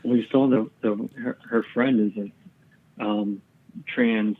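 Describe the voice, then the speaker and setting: A man's voice: on the low side, steady tone, a little slow, phone-quality sound, a little hiss or hum. A man, a comedian guest, telling rambling stories in casual chat and swearing often.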